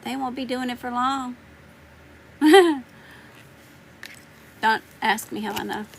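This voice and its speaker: A woman's voice: a little high, slow, creaky, pauses often, noisy background. A woman with a Southern US accent giving live tarot readings, chatting and greeting viewers by name. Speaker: tarot reader.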